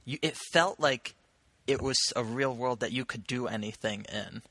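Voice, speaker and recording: A man's voice: mid-range voice, normal speed, sharp tone, dry recording. A young man co-hosting a casual podcast, thoughtful and a little hesitant. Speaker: podcast co-host. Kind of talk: casual chat about video games.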